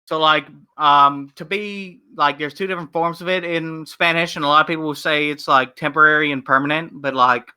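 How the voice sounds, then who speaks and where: A man's voice: fairly high pitch, steady tone, brisk, hardly any pauses, sharp tone, clean tone. A man chatting on a casual podcast, rambling and swearing freely. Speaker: podcast co-host.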